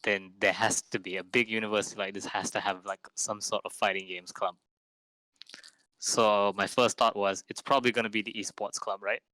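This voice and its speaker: A man's voice: fairly low pitch, a little fast, no room sound, low-quality recording. A young man with a Malaysian English accent, chatting casually on a podcast and acting out the people in his stories. He sounds a little run down and coughs now and then. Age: young adult. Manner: animated storyteller, acts out other people's lines. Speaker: podcast co-host. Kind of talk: casual chat.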